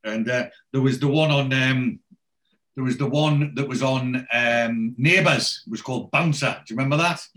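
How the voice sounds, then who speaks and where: A man's voice: medium pitch, normal speed, a bit bright. A man in casual chat, retelling a TV episode scene by scene and lightly acting out the characters' lines.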